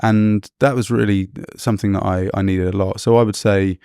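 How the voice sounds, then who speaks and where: A man's voice: fairly low pitch, fairly even intonation, brisk, dark tone, clean tone, no room sound, studio quality. A young man co-hosting a travel podcast, telling anecdotes and laughing often. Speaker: podcast co-host. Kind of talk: casual chat.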